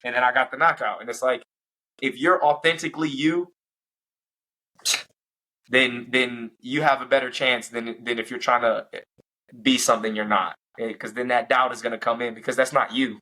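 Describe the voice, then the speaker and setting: A man's voice: mid-range voice, moderate pace, low-quality recording. A young man, a professional fighter, recounting his fights in a casual interview and acting out the moments as he goes. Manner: animated, acts out fight moments and quotes. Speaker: professional MMA fighter, guest.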